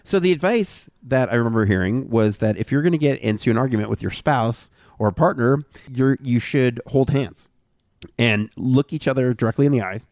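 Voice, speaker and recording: A man's voice: medium pitch, darkish tone, dry recording, studio quality. A man hosting a casual podcast, joking and swearing, often breaking into laughter while giving advice. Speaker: podcast host. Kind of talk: casual chat. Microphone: podcast studio mic.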